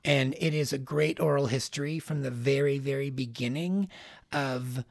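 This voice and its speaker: A man's voice: mid-range voice, normal speed, creaky, dry recording. A man co-hosting a podcast, chatting in a rambling, easygoing way and laughing easily. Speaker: podcast co-host. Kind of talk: casual chat about pop culture.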